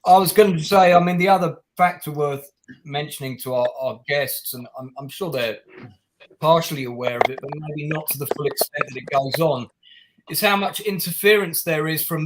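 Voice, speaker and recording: Higher-voiced hesitant male host, noisy audio. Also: normal speed. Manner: hesitant, restarts often. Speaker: host, writer-director. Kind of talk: casual chat. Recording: noisy background.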